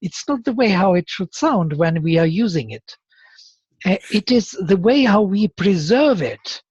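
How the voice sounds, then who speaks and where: Patient teacher, breathy tone, muffled call audio, steady middle pitch. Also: measured pace, no room sound. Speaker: Sanskrit teacher. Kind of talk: online class explanation.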